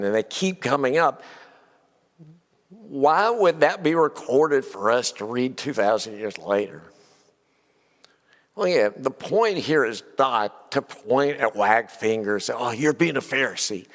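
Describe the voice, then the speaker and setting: A man preaching a conversational Bible class in a church, asking many rhetorical questions and often saying "you know". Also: mid-range voice. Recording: long hall reverb.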